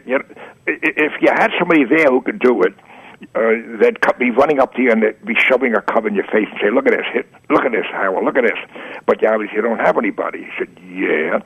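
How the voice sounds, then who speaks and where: Old guy in his 80s, gravelly and husky, lowish voice, lo-fi radio sound, acts out all the dialogue. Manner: animated storyteller acting out old conversations. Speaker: guest, advertising art director. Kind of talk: storytelling in a radio interview. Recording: lo-fi radio recording.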